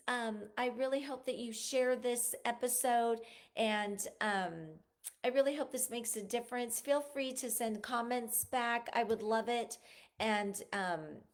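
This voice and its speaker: A middle-aged woman hosting a podcast, giving an earnest, faith-filled motivational talk that rambles with many ums. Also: a little high. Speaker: podcast host.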